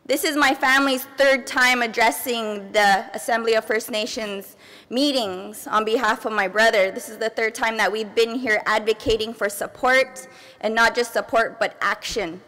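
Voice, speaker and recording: A woman with a high voice speaks steadily and earnestly, advocating for her family before an assembly. The large hall adds a long reverb tail. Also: normal speed, sharp tone. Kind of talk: prepared public speech.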